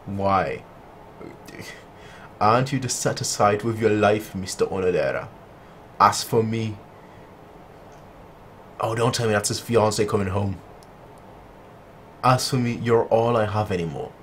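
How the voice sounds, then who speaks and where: A man voicing a lonely, desperate sixteen-year-old girl while reading manga dialogue aloud in his own low voice. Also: measured pace, long pauses, a little hiss or hum, lightly acted. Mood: earnest.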